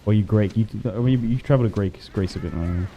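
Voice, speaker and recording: A man's voice: lowish voice, fast talker, dark tone, lo-fi sound. A man chatting casually with his stream while playing a strategy game, rambling with fillers and laughs. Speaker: livestream gamer.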